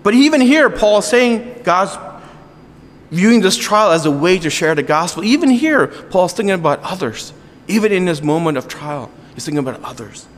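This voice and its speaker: A man's voice: high-pitched, expressive, normal speed, in a large hall, slight background noise. A man preaching a sermon as pastor, earnest and conversational, with joking asides to his congregation.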